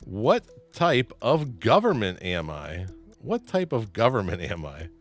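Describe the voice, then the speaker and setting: A man's voice: lowish voice, wildly swooping pitch, unhurried, soft background music. A man hosting a trivia game show, reading clues and joking playfully with the players, laughing often.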